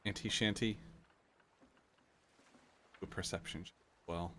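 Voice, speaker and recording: Deep-voiced, rambling game master. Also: male voice, fairly even intonation, measured pace, bright, forceful tone, a little hiss or hum. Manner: loose and rambling, full of fillers and hedges. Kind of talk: narrating a tabletop game.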